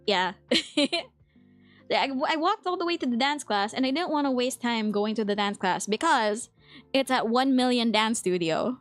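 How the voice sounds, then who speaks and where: A woman's voice: fairly high pitch, lively intonation, normal speed, dry recording, faint music behind. A young Filipino woman with a Filipino accent, chatting casually with her stream chat, laughing often and reading messages aloud. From Philippines. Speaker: VTuber streamer.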